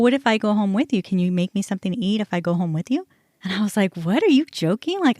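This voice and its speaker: A woman hosts her own podcast and tells a personal story frankly, in a voice of middling pitch. She acts out the exchanges as she tells them. The sound is dry, with almost no room echo. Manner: candid, animated retelling with quoted dialogue. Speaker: podcast host.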